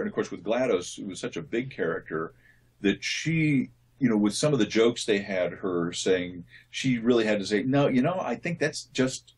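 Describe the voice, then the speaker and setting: Low husky-voiced male voice actor. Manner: thoughtful, explains at length with restarts. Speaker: voice actor guest. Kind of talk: casual interview answers.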